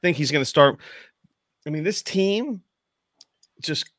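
Animated, rambling man on a podcast, dry sound. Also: on the high side, takes it slowly, no room sound. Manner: rambling and animated, swears often. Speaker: fantasy football podcast co-host. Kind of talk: casual chat.

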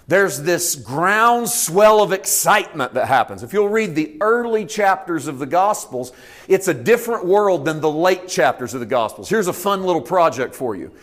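A man preaching a conversational sermon, animated, swinging between loud excited bursts and quiet low asides.

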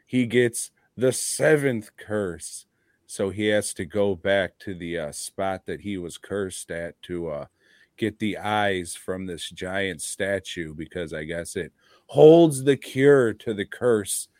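A man with a very low voice, co-hosting a podcast in loose, rambling chat full of swearing. He talks slowly and easily. The sound is close and dry, with no room in it. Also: a little mellow, no echo. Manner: profane, rambling, laid-back. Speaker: podcast co-host. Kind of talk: casual chat.

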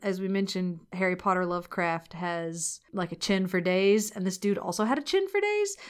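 A woman's voice: medium pitch, lively intonation, normal speed, smooth. A woman co-hosting a podcast, recapping a movie in casual chat, swearing freely and laughing often. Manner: profane, punchy, laughs often. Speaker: podcast co-host.

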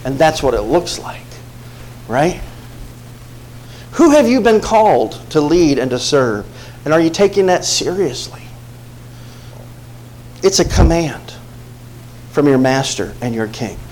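A male pastor preaching a sermon, telling a personal story with dramatic swings from hushed tones to shouts. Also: on the high side, sing-song, unhurried, long pauses, slight background noise, low-quality recording.

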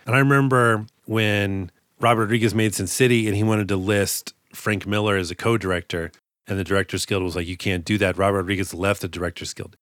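A man's voice: lowish voice, fairly even intonation, a little fast, a bit bright, no room sound, studio quality. A man co-hosting a podcast, telling stories in a joking, self-deprecating way. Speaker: podcast co-host. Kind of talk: casual chat.

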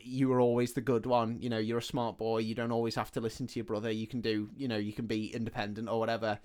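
A man's voice: lowish voice, level tone, fast talker, a little mellow, clear, resonant tone. A man, a podcast host casually retelling a film's plot and acting out the characters' lines. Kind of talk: casual film recap chat.

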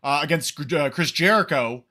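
A man co-hosting a casual wrestling recap podcast, animated and swearing freely as he acts out what people said. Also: on the high side, normal speed. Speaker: podcast co-host.

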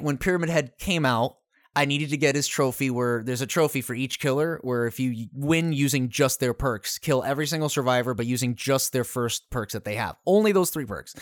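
This co-host talks in a lively voice that rises and falls a lot and curses freely while rambling through gaming anecdotes. The sound is dry and close, with no room around it. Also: medium pitch, dry recording. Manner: animated, profane storytelling. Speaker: podcast co-host. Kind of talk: casual podcast chat.

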